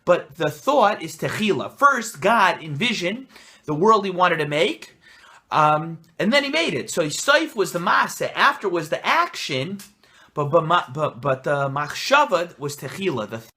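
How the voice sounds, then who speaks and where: A man's voice: fairly high pitch, big pitch swings, unhurried, bright, forceful tone. A young man, a rabbi and coach, talking casually and enthusiastically into his phone camera with pep-talk energy. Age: young adult. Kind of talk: casual self-recorded video answer.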